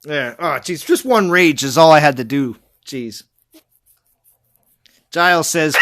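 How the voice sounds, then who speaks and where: A man's voice: a little high, slow, long pauses, fairly bright tone. A man chatting casually while live-streaming a mobile game, laughing often and answering viewers.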